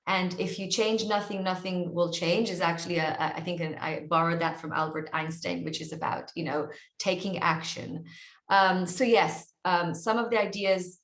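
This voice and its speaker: A woman's voice: lowish voice, steady tone, normal speed, a bit bright, echoey room. A woman with an Israeli accent, an author and coach speaking earnestly in an online interview, often repeating words as she searches for her phrasing.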